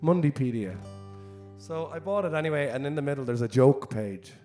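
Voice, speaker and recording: A man's voice: a little high, fast talker, darkish tone, soft background music. An Irish man, a singer-songwriter telling a rambling, self-deprecating story between songs at a live concert. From Ireland.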